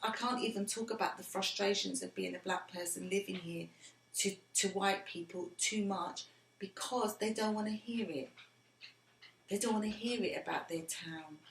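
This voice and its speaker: This middle-aged mother, interviewed by her grown son, earnestly recounts personal stories in a creaky, medium-pitched voice at a moderate pace. She often drops nearly to a whisper, and the space sounds roomy with faint background noise.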